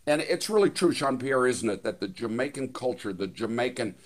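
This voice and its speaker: An American man hosts a radio show, chatting casually and enthusiastically with many fillers and restarts. His mid-range voice is animated and brisk.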